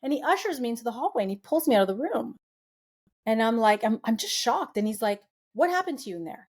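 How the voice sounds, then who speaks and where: A woman's voice: a little high, quick pace. A middle-aged woman, a podcast guest, telling a personal story in a conversational way, acting out the voices she quotes and laughing now and then. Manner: animated, acts out quoted voices.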